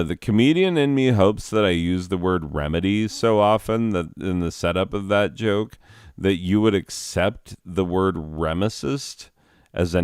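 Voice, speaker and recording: Young male comic, low and unhurried, smooth clear tone. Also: darkish tone, no room sound, clean studio sound. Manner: rambling with asides and fillers. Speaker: comedian. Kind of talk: deadpan storytelling comedy.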